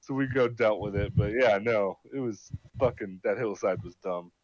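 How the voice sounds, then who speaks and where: A man's voice: fairly low pitch, moderate pace, no echo. A man retelling a firefight in a loose, profane rush, putting on voices for his own quotes. His voice sits in the middle range and comes through a dry, muffled headset line with no room around it. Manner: animated, swearing, acting out his own lines. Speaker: gamer telling a mission story. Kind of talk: casual profane storytelling over voice chat.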